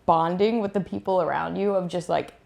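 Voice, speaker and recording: A woman's voice: fairly low pitch, a little fast, creaky, faint music behind. A young woman, a beach volleyball player, casually retelling a chaotic trip and acting out what people said. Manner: animated, acts out quotes. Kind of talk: casual storytelling chat.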